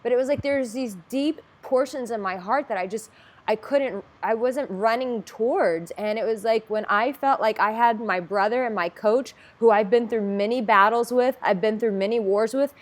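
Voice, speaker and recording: Effusive, excitable woman host. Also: on the high side, moderate pace. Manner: gushing, emphatic, bursts of loud excitement. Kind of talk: casual heartfelt conversation.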